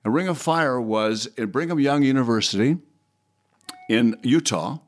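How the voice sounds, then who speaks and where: A man's voice: mid-range voice, normal speed. An older man, a guest in an interview, telling stories in a rambling way, repeating words and now and then breaking into bits of song. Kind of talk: animated storytelling.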